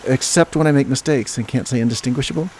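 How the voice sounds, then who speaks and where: A man improvising as a comedy podcast guest, talking in a deadpan, mock-earnest expert tone over a remote call. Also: mid-range voice, fast talker, a little hiss or hum.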